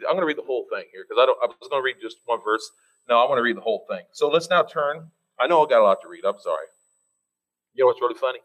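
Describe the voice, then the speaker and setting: A man preaching a sermon, teasing his listeners and climbing high in pitch for emphasis, then slowing right down to read scripture. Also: rough recording. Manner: reads scripture slowly and deliberately.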